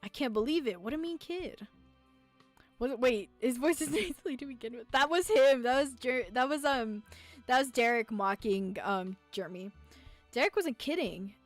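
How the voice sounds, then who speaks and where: A woman's voice: high-pitched, expressive, moderate pace. A woman streamer reading a visual novel aloud, playful and giggly, talking back to the characters. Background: faint game music.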